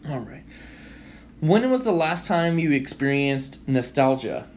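A young man co-hosting a podcast, swearing freely and telling animated stories in casual chat. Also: medium pitch, measured pace, a little hiss or hum. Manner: profane, animated storytelling. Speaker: podcast co-host.

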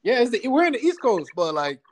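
A man from Florida, a guest in a casual chat, talking in relaxed slang and swearing a lot. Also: very high-pitched, fairly quick, rough recording.

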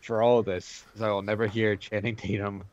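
A man co-hosting a casual podcast chat, excitable and quick to swear. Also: lowish voice, highs cut off. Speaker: podcast co-host.

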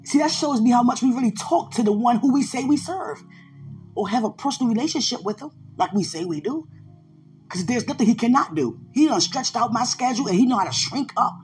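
Lively woman preaching casually. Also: on the high side, brisk, soft background music. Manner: animated, laughs often, talks to listeners directly. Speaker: podcast host, preacher and gospel rapper.

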